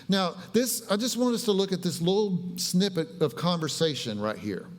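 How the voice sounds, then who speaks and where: A man's voice: on the high side, long reverb tail. Man preaching a joking sermon. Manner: humorous, conversational preaching with playful paraphrases. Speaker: pastor. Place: church sanctuary.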